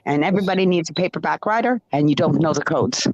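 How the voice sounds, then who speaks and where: A man's voice: fairly high pitch, fast talker, dry recording. A man ranting in a rambling, profane stream of consciousness, sometimes slipping into sing-song chanting. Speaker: ranting monologuist. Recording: dull lo-fi dry recording.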